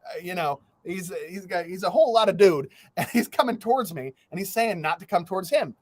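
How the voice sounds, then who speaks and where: A man hosting a podcast, telling a story in casual chat, animated, laughing through it and swearing freely. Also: high voice, a little fast, no echo. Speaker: podcast host.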